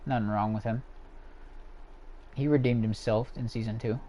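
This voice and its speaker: A man's voice: medium pitch, fairly even intonation, moderate pace, dark tone. A young man hosting a livestream from home, ranting casually and profanely with many fillers and restarts. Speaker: livestream host ranking characters.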